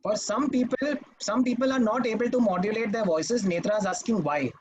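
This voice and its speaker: A man's voice: high voice, a little fast, a little mellow, slight background noise, poor audio. A man teaching public speaking in a live online masterclass, talking emphatically and often checking in with his listeners. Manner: emphatic and instructive, checks in with "Okay?". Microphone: video call.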